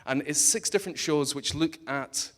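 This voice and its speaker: A man's voice: a little high, moderate pace. A man with a Scottish accent giving a humorous conference talk, joking and teasing the audience bluntly. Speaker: conference speaker. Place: conference hall stage.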